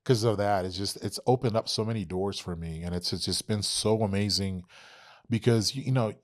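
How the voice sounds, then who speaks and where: Swearing, animated man telling stories. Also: fairly low pitch, fairly quick. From Texas. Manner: animated, heavy swearing, acts out quoted exchanges. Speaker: podcast guest. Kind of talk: casual interview storytelling.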